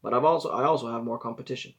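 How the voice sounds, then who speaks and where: A man, chatting on a live stream in a deeply gravelly, husky voice. He rambles and corrects himself as he hands out casual advice. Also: rapid-fire. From Israel. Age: 40s.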